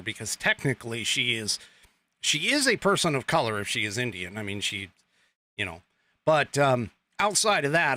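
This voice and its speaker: A man's voice: mid-range voice, pushed and bright. A man hosting a political commentary podcast in a casual, rambling way, full of fillers, restarts and sarcastic asides. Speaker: podcast host.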